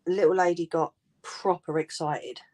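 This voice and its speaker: Chatty woman with a lowish voice. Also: fairly even intonation, normal speed, darkish tone, a little hiss or hum. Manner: chatty and informal, laughs often. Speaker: crafting livestream host. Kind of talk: casual livestream chat with viewers. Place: home.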